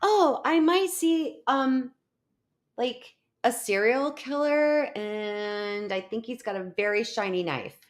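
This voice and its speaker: A woman imitating a calm, fearless young woman paranormal investigator with an unbothered, musing drawl. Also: mid-range voice, a little slow, pauses often.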